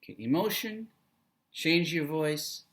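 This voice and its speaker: A man training future teachers, giving a classroom lecture and demonstrating how to read aloud to children with a coaching manner. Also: fairly high pitch. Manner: slow, animated, coaching tone with vocal demos.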